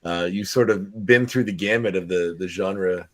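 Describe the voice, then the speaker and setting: A man hosting a podcast interview, asking questions in a halting way with many restarts. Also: sits low, a bit bright, dry recording. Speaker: podcast host.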